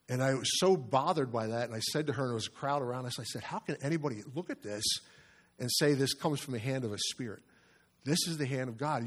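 Man, pastor, middle-aged, medium pitch, sermon, talks straight to the congregation. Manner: earnest, conversational preaching with asides to the congregation.

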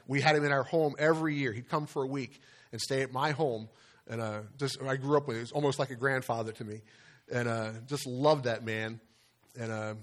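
An older man preaching a sermon in a conversational, storytelling way. He uses many fillers and restarts, and his voice drops soft, then rises high on quoted questions.

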